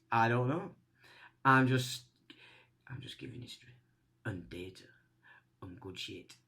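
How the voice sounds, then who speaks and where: A man's voice: mid-range voice, a bit bright. A man hosting his channel, giving a casual opinion monologue in a blunt, swearing, ranting manner. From England. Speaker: channel host.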